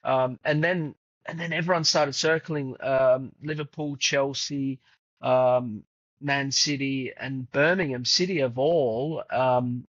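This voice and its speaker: A man's voice: mid-range voice, steady tone, slow pace, fairly bright tone, no echo. A man in his fifties, a podcast guest and footballer's father, telling stories in a chatty way with many fillers. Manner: chatty, many fillers, acts out quoted dialogue. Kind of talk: casual conversational storytelling. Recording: dull lo-fi dry sound.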